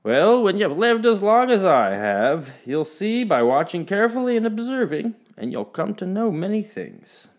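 A man voicing a kind, gentle old village grandfather in a told folk tale, knowing and gently amused. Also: sits high, sing-song, moderate pace, hardly any pauses, pitched above the performer's own voice.

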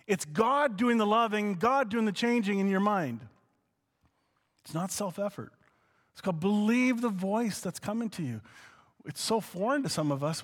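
Animated male preacher, hall reverb. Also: high voice. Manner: animated, conversational, swings between soft asides and excited exclamations. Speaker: pastor. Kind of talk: teaching sermon.

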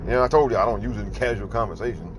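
Exasperated low-voiced man ranting. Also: racing, noisy background. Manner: exasperated, incredulous, repeats rhetorical questions. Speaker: livestream host. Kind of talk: casual ranting commentary.

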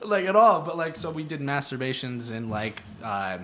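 A young man, a podcast guest, telling stories in a loose, rambling way full of "like", and dropping into a low mumble for asides. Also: sing-song, moderate pace, a loud crowd. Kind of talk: casual chat.

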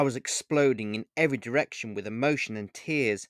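A man reading his own short story aloud in the first person, in a measured, earnest storytelling manner. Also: mid-range voice, a bit bright, dry recording, clean studio sound.

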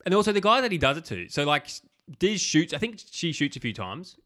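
A man's voice: fairly high pitch, very animated, fairly quick, bright, forceful tone. A man co-hosting a podcast, chatting casually and animatedly about a film, acting out lines and swearing freely. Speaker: podcast co-host. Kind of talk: casual film review chat.

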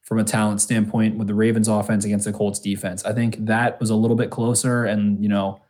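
A man with a fairly low voice talks football on a podcast in an easygoing, casual way. He rambles and restarts his sentences often, piling on fillers as he thinks aloud. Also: flat delivery, fairly quick, a little mellow. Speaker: podcast co-host. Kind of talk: casual sports chat.

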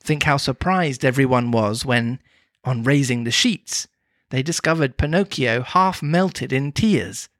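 A podcast co-host, reading a storybook aloud in a measured, expressive way and chatting in between. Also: medium pitch, no room sound, studio quality.

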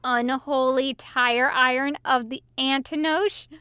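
Woman putting on gleeful drunk male angel, very high and bright, smooth, audiobook. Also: steady tone, slow, dry recording, clean studio sound, full character voice. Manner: laughing, gleeful teasing. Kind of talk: fan fiction audiobook.

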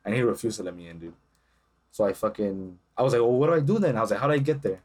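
Young man, podcast co-host, fast, animated, swears freely while he acts out the people in his story. Casual chat voice. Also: on the low side. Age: young adult. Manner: profane, animated storytelling with acted-out quotes.

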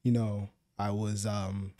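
A man's voice: on the low side, little pitch movement, slow, warm tone, dry recording, studio quality. A young man co-hosting a faith podcast, explaining his ideas in an earnest, patient way. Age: young adult. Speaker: podcast co-host. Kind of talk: casual faith discussion.

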